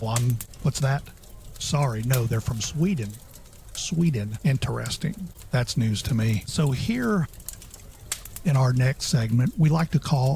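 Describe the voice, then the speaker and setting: A man hosting a comedy interview, asking questions in a measured, mock-serious way. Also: medium pitch, mellow, slight background noise. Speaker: host.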